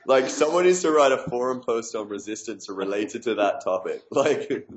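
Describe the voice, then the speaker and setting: A man's voice: mid-range voice, normal speed, echoey room. A man co-hosting a casual, profane chat with friends, talking loosely and laughing easily. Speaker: podcast co-host.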